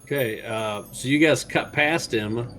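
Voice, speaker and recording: A man narrating a tabletop game as game master, speaking in a relaxed, halting way with frequent fillers. His voice sits at an ordinary middle pitch. A faint hiss runs under the voice-chat recording. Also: low-quality recording. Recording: faint background noise.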